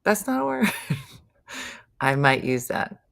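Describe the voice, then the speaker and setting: A woman hosting a casual comedy morning chat, her low voice carrying a gravelly edge. She talks at an unhurried pace, playful and teasing as she riffs with her co-hosts. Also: very animated, fairly bright tone. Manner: playful, joking about mispronounced words. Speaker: morning show host.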